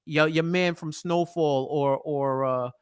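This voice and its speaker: Guy cohosting a show recap podcast, jokey and animated, keeps tripping over his words. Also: fairly high pitch, takes it slowly, clear, resonant tone. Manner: joking, animated, stammers into restarts. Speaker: podcast co-host. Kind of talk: casual recap chat.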